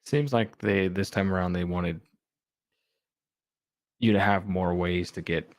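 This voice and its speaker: A man's voice: low-pitched, fairly even intonation, unhurried, no room sound. A man co-hosting a podcast, chatting easily and reading game rules aloud. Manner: easygoing, reads rules aloud plainly. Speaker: podcast co-host. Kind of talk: casual chat about tabletop game rules.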